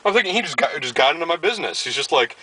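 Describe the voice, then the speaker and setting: A man's voice: fairly high pitch, expressive, rapid-fire, sharp tone, slightly rough, rough recording. A man from Baltimore vlogging casually, telling a story and acting out what others said. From Baltimore, USA. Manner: storytelling, acts out quoted dialogue. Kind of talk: casual chat.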